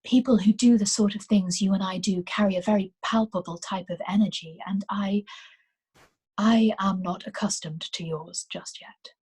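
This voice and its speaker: A woman's voice: medium pitch, fairly even intonation, normal speed, darkish tone, slightly rough. A woman voicing a poised young illusionist woman. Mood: composed. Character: poised young female illusionist, composed and reserved.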